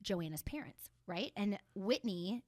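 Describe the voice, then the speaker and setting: A young woman from Texas, a guest in a studio, telling stories in casual chat, chatty and animated. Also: unhurried, no echo. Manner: animated, chatty, swings into high voiced impressions. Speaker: guest fashion designer.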